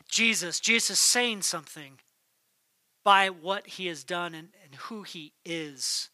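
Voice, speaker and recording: A male pastor delivers a sermon in a high, strikingly bright voice, recorded close and dry. He drives his points with emphasis, then drops almost to a whisper. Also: no room sound. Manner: emphatic, swings between loud declarations and hushed near-whispers. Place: church.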